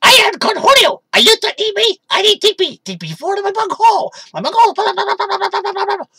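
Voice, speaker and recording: A man doing an impression of Cornholio, a hyper cartoon teenage boy, in a shrill, frantic, yelling voice. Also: expressive, normal speed, no room sound, studio quality, heavily acted. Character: Cornholio, hyper cartoon teen male alter ego.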